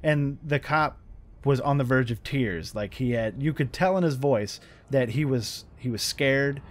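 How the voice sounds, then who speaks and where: A man's voice: medium pitch, measured pace. Rambling, frustrated American man. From United States. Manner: rambling, frustrated, profane, with many restarts. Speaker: gaming channel host. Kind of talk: off-the-cuff commentary over gameplay.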